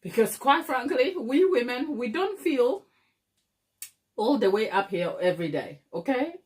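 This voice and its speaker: A woman's voice: on the high side, animated, unhurried. A middle-aged woman from Africa, hosting a baking channel, who chats casually with viewers, laughs often and calls them darling. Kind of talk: casual livestream chat with viewers.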